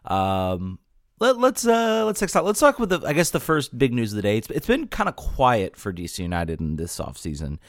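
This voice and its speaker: A man hosting a casual sports podcast, animated and quick to laugh, often repeating himself as he talks. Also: mid-range voice, no echo, studio quality. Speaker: podcast host.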